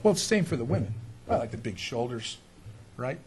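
A man's voice: medium pitch, very animated, fairly quick, darkish tone, slight background noise. A middle-aged male pastor preaching a sermon in a folksy, sarcastic style with indignant outbursts.

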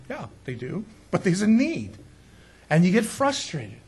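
A pastor with a husky, breathy edge to his fairly high voice talks through his sermon in a loose, conversational way. He jokes, stresses his points hard, and keeps turning to his listeners with questions. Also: huge pitch swings, unhurried, a little mellow. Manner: joking, emphatic, asks the listeners questions.

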